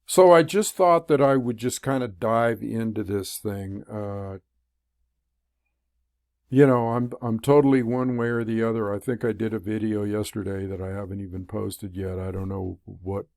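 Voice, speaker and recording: A man's voice: lowish voice, steady tone, measured pace, creaky, darkish tone, dry recording, studio quality. A man talking to the camera as a spiritual teacher, in a loose, rambling monologue full of fillers and restarts. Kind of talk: casual monologue. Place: room.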